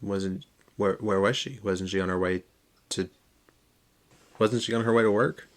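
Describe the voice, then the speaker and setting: A man's voice: lowish voice, steady tone, measured pace. A man voicing a grieving young male elf who stammers when shaken.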